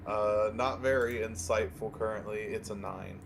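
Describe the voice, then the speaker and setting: A man playing a fiend character in a tabletop game, speaking deliberately and laying out threats in character. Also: fairly low pitch, fairly even intonation, creaky, a little hiss or hum. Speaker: player.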